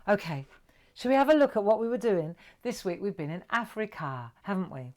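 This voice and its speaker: A middle-aged woman hosting a live craft stream, chatting warmly with viewers, greeting them brightly and sometimes dropping to a whisper. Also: medium pitch, big pitch swings, moderate pace. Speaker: craft livestream host.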